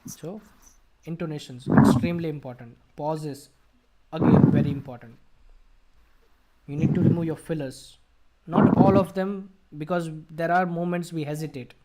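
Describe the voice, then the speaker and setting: A man's voice: a little high, fairly even intonation, normal speed, long pauses, very noisy. A man with an Indian English accent teaching an online English speaking class, explaining and quizzing his students. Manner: explanatory, asks the class questions. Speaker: IELTS tutor.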